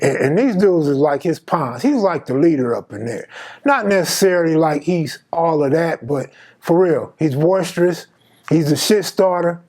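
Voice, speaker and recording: A man in his fifties from Los Angeles telling a personal story in casual, slangy street talk, acting out the dialogue. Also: fairly high pitch. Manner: slangy, animated, acts out dialogue. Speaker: storyteller host.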